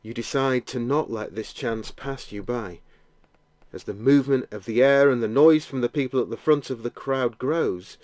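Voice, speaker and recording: A man narrating a guided imaginative prayer, telling the scene gently in the second person. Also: medium pitch, no room sound.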